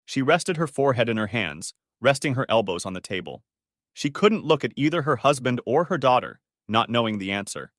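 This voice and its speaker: A man's voice: medium pitch, brisk, no echo, studio quality. A man narrating a dramatic story as an audiobook reader. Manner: expressive storytelling.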